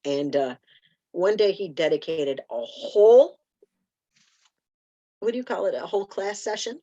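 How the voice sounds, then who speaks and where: A woman guest on a podcast, chatting casually and telling animated stories with frequent restarts. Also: lowish voice, a little slow, lo-fi sound. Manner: animated storytelling with repeated restarts. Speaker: podcast guest, spoken word writer.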